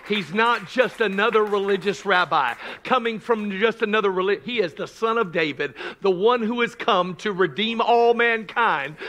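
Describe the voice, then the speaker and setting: A man preaching a sermon as pastor, swinging from shouted, drawn-out lines to quiet joking asides. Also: high-pitched.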